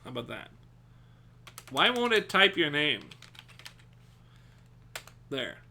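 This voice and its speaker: A male streamer talks loosely to his chat, swearing and laughing as he goes and breaking into yells when something sets him off. His tone is very bright and his pitch swings widely, sitting a little high for a man. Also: slow, vocal fry, a little hiss or hum. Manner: profane, excitable, laughs often, yells at chat. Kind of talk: casual live-stream chat.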